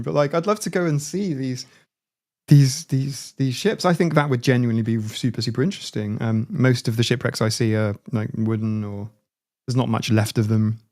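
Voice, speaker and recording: A man chatting casually on his livestream with a gravelly, rough edge to his voice. He rambles, restarts his words and laughs often. His pitch sits in an ordinary middle range. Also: darkish tone. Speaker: livestream host.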